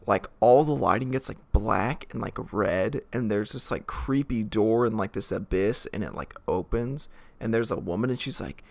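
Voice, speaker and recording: A man's voice: fairly low pitch, moderate pace, vocal fry. A man giving a rambling, casual movie review, full of filler words and chuckles. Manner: rambling, many filler likes, laughs as he talks. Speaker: film reviewer.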